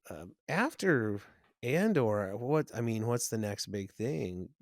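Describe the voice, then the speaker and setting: A middle-aged man co-hosting a podcast in casual chat, telling relaxed anecdotes. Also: medium pitch, slow pace, no room sound, studio quality. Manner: easygoing, anecdotal, breaks into loud mock rants. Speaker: podcast co-host.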